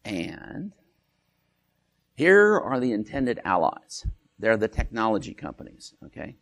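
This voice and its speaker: A man's voice: on the low side, wildly swooping pitch, a little slow, gravelly, a bit bright. A male lecturer giving an academic talk in a joking way, with frequent restarts and "right?" tag questions.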